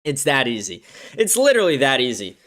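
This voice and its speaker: A man's voice: mid-range voice, huge pitch swings, a little fast, fairly bright tone. A young man hosting a livestream show, ranting in a profane, aggressive, heated way. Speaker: show host. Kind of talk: livestream political rant.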